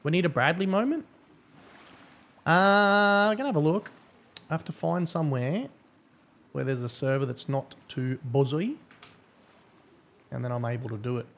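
A man's voice: medium pitch, expressive, normal speed, pauses often. A man giving casual, profane, rambling live-stream commentary as a game streamer.

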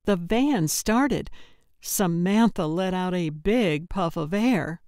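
A woman narrating an audiobook in a calm, measured delivery. Her voice is smooth and clear, and she speaks slowly. The recording is dry and close. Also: on the low side, no room sound. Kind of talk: scripted narration.

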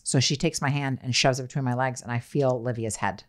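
A woman in her thirties telling a story on a casual podcast, animated and profane, acting out the dialogue. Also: extremely low pitch, quick pace. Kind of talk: casual chat.

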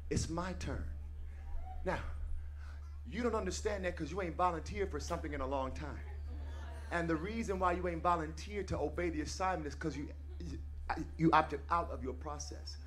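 A man preaching a sermon, swinging from low, intimate remarks into shouted, sing-song refrains that repeat phrase after phrase and call on the congregation to answer. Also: normal speed, faint music behind. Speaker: pastor. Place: church service.

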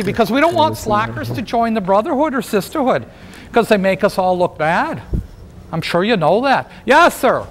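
A man performing as a jovial union organizer from the 1880s, folksy and full of jokes as he works the crowd. His voice sits high for a man. He talks straight to the audience in a first-person historical role-play. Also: a little hiss or hum. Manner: folksy, joking, addresses the crowd directly. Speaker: living-history presenter.

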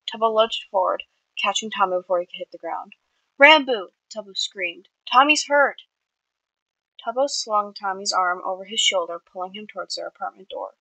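A woman reads her own fiction aloud at a middle pitch, in a plain manner with small slips and fixes. The recording is dry and close, with no room sound. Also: fairly bright tone, no echo, highs cut off. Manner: plain reading with small slips and self-corrections. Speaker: fiction reader.

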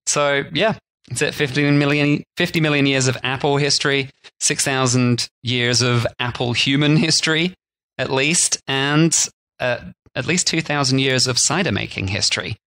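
A man co-hosting a casual podcast, his voice sitting at an ordinary middle pitch. He talks in a loose, jokey, rambling way and now and then slips into silly voices. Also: moderate pace, bright, forceful tone. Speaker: podcast co-host. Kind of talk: casual chat.

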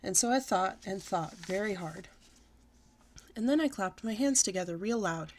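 A woman storyteller reading a children's book aloud with expressive, lively delivery. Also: mid-range voice, normal speed, a little hiss or hum.

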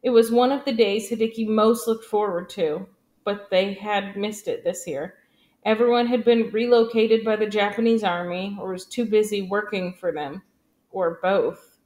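Female audiobook narrator, steady and even, mid-pitched. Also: moderate pace. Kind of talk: scripted narration.

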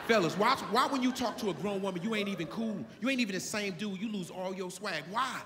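A male stand-up comedian telling a story on stage in a loud, punchy, high-energy way. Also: fast, few pauses, noisy background. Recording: live club hall with loud crowd.

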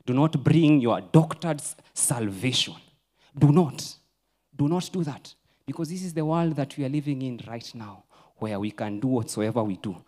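A Kenyan man preaching a sermon in a church, mixing English and Swahili, swinging from loud urging to a near-whisper. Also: mid-range voice. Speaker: pastor.

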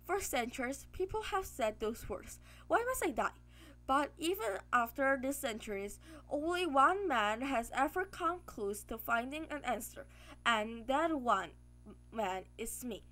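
A woman's voice: high voice, unhurried. Woman reading as a lofty mad rich villain. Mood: grand. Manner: calm, lofty, self-assured speeches. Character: grandiose mad rich older male villain.

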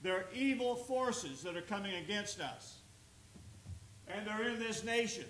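A man's voice: high-pitched, expressive, unhurried, fairly bright tone. A male pastor preaching a sermon, reading scripture aloud and building emphasis. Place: church sanctuary. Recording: echoey church room with faint noise.

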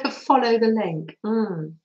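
Slow, chatty woman crafting live. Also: fairly high pitch, expressive, a little mellow, echoey room, dull audio. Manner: chatty and cheerful, greets viewers, laughs often. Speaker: craft livestream host.

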